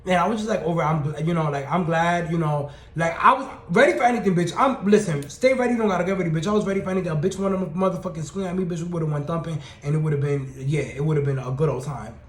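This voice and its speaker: A young man telling a storytime tale in an animated, profane, slang-heavy and sassy way. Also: a little high, fast talker, few pauses. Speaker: storytime vlogger. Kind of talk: casual storytelling rant. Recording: roomy echoey room.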